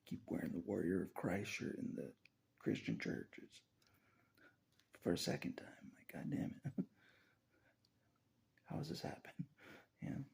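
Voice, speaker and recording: A man talking straight to the camera in a rambling casual monologue, often laughing and ranting out loud at God. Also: low-pitched, vocal fry, slightly rough. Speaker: vlogger.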